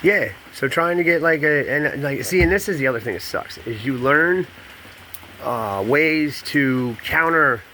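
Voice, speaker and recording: A man's voice: a little high, lively intonation, unhurried, pushed and bright, slight background noise. A man in a casual confessional monologue to a camera, rambling and candid, jumping between thoughts while he paces. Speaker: vlogger and podcast host.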